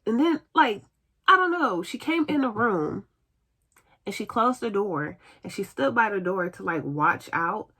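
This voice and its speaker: A woman's voice: medium pitch, unhurried, husky. Chatty woman telling a storytime vlog. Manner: chatty and animated, acting out what others said. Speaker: vlogger telling a personal story.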